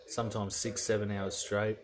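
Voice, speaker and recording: A man's voice: on the low side, flat delivery, normal speed, noisy background. An Australian man rambling casually through a video diary in a laid-back, slangy way. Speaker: vlogger.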